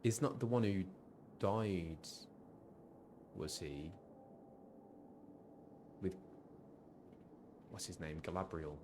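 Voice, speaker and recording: A man's voice: deep voice, expressive, very slow, long pauses, background noise. A man streaming himself playing a game, chatting casually and muttering asides as he tries to remember names. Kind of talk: casual live-stream commentary.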